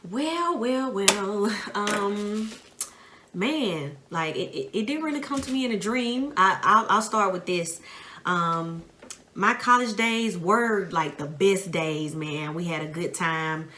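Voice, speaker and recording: A woman's voice: medium pitch, slow, pushed and bright, a little hiss or hum. A Southern American woman in her thirties, co-hosting a podcast and talking casually and reflectively. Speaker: podcast co-host. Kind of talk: casual chat.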